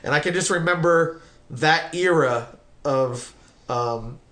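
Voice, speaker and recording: A middle-aged man hosts a loose, conversational interview. He tells long, rambling stories with lots of fillers and the odd swear word, and his voice sits a little high for a man. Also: takes it slowly. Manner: rambling, animated storytelling with profanity. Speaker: podcast host.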